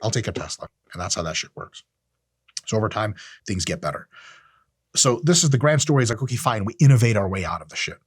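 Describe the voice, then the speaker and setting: A podcast host delivers a casual monologue, blunt, profane, and opinionated. His lowish voice is fast with a breathy edge, recorded in clean studio sound with no room sound, and he animatedly acts out quoted voices.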